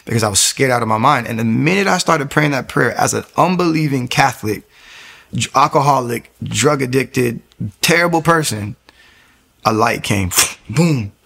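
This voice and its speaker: Earnest man with a gravelly voice. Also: mid-range voice, lively intonation, a bit bright. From New York area. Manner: earnest, emotional, halting with many restarts. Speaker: guest telling his testimony. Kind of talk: personal testimony storytelling.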